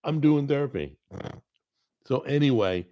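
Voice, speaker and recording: A middle-aged man hosting a cooking show, chatting casually at his desk microphone, with a gravelly, strained voice from a paralyzed vocal cord, rambling and self-deprecating. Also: mid-range voice, animated, unhurried, muffled recording. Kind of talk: casual chat to camera. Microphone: desk microphone recorded over a video call.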